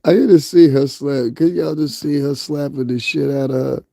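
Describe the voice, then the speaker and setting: A man's voice: mid-range voice, fairly even intonation, normal speed, gravelly, warm tone, no echo, clean studio sound. A young man from the US tri-state area with a Northeastern accent, hosting casual gossip commentary, joking crudely and laughing often. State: sleepy, up early. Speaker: commentary channel host.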